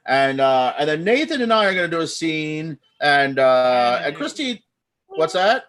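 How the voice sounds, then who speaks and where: A man hosts a live improv show from home over a video call. His voice sits high and swings widely in pitch, and he rambles excitedly as he sets up each game. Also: measured pace. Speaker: improv host.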